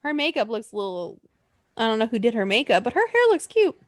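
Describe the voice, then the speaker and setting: A woman's high, animated voice bounces around as she chats on a podcast, cursing freely and laughing often. The sound is dry and close. Her pitch swings widely as she gets worked up. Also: quick pace, no room sound. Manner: swearing, excitable, laughs often, lively and chatty. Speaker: podcast co-host. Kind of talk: casual chat.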